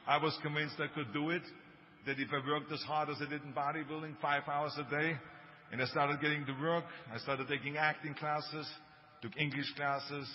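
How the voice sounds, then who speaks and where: A man in his sixties with a German accent, giving a motivational speech with emphatic storytelling and joking asides. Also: mid-range voice. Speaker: speaker. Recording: dull, reverberant hall recording with faint noise.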